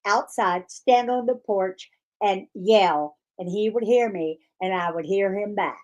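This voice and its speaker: Slow-talking woman co-host telling stories. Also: mid-range voice, a little mellow. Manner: slow, storytelling. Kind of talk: casual chat.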